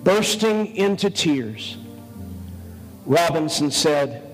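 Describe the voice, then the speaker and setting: Slow, earnest male pastor in a hall. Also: on the high side. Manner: earnest, pleading, short phrases with pauses. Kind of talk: sermon. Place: large auditorium. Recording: long hall reverb with faint music.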